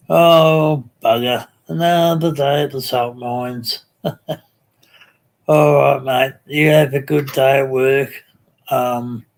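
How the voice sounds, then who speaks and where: Slow, rambling Australian man. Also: medium pitch. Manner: slow, rambling, many ums and restarts. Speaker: live stream host. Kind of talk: casual live chat reading comments.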